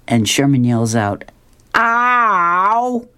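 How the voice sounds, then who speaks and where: A woman's voice: rumbling low, lively intonation, normal speed, darkish tone. A woman radio host chattily describing comic strips on air, with an amused manner.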